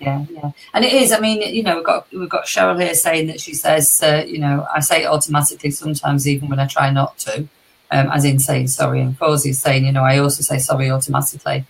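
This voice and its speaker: A British woman co-hosts a casual live chat in a low, gravelly voice. She tells candid stories and swears freely. Her tone has a husky edge. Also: level tone, quick pace, low-quality recording. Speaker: co-host, life coach.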